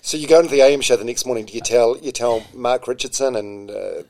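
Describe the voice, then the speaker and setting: A man with a mid-range voice who speaks quickly as a podcast host. He mostly asks short questions and makes sympathetic remarks during a casual conversation. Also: mid-range voice, gravelly, darkish tone. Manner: brief, sympathetic interjections and questions. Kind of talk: casual interview.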